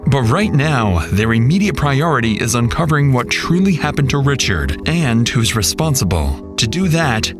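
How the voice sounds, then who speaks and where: A man giving scripted true crime narration in a measured, suspenseful delivery. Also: medium pitch. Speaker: documentary narrator. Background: faint music.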